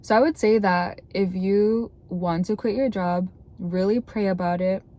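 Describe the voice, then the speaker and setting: A young woman with a sore throat gives chatty, earnest advice straight to the camera as a content creator, sprinkling "like" all through her casual talk. Her mid-range voice has a dark, steady tone and runs a little slow.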